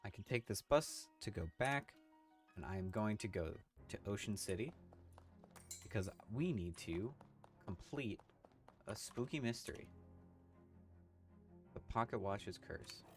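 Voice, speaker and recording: A man's voice: fairly low pitch, animated, unhurried, long pauses, soft background music. A man streaming a game, chatting in an offhand, joking way as he plays. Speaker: gaming streamer. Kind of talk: casual let's-play commentary.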